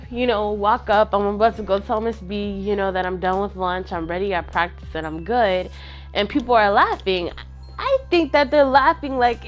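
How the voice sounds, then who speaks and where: A woman talks straight to her viewers, retelling a personal story with candid, animated energy and easy slang. Her voice sits at an ordinary middle pitch, and faint music plays softly behind her. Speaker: channel host.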